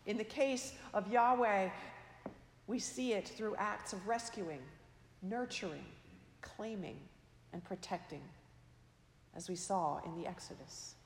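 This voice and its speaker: A woman preaching a sermon in a slow, measured, reflective way, her phrase endings trailing off softly. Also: medium pitch, slight background noise. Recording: echoey hall, long reverb.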